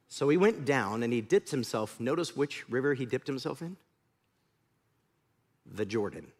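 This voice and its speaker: A man's voice: medium pitch, sing-song, moderate pace, pauses often. A male pastor preaching a sermon, telling stories animatedly and acting out scenes.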